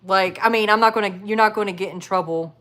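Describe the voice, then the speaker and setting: A woman's voice: mid-range voice, fairly even intonation, quick pace, a bit bright. A woman hosting a casual live stream, reading chat comments aloud and talking with viewers. She chats loosely, laughs often and fills her talk with "like". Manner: chatty, laughs often, many "like" fillers. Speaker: livestream host reading chat.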